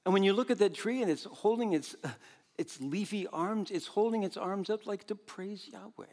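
An older pastor delivers a lively sermon, moving between loud exclamations and quiet asides and laughing often. His voice sits high and his pace is moderate.

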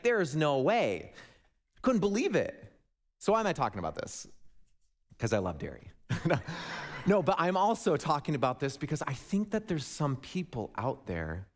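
A young man from Wisconsin giving a humorous storytelling sermon, playful and jokey with asides to the audience. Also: medium pitch. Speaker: speaker addressing a congregation. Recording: long reverb of a large hall.

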